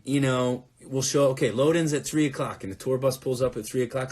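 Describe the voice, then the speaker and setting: A touring musician answering fan questions in a casual live Q&A, talking in a rambling, conversational way. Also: male voice, mid-range voice, a little fast, a little mellow. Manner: rambling, conversational, with fillers and restarts.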